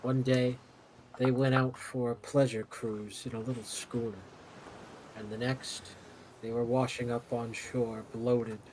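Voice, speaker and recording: A man's voice: mid-range voice, level tone, a little slow, a little mellow, a little hiss or hum, lightly acted, rough recording. A man voicing a young human woman who overplays her pitiful, theatrical distress. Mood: mock-tragic.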